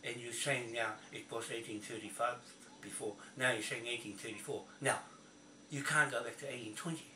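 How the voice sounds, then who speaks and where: A man from New Zealand rants bluntly, swearing and repeating himself as he talks. His voice is bright and sharp. He sits back from the mic in a roomy, echoey space with faint ambient noise. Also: medium pitch, fairly even intonation, fairly quick, recorded from a distance. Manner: blunt, profane, repetitive ranting. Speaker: video blogger. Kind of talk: angry ranting monologue.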